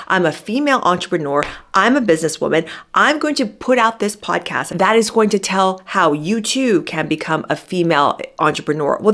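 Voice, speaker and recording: Woman commentator, worked-up sarcastic monologue, slightly low register. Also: a bit bright. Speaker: commentary vlogger. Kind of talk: opinionated monologue.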